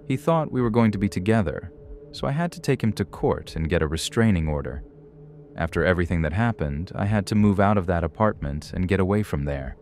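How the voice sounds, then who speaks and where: A man reading true horror stories aloud in steady, measured scripted narration. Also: sits low, a little hiss or hum. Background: faint background music.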